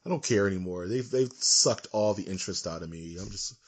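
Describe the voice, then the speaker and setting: A man's voice: on the low side, brisk. A young man co-hosting a podcast, chatting casually, ranting with animation and laughing often. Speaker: podcast co-host. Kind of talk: casual chat.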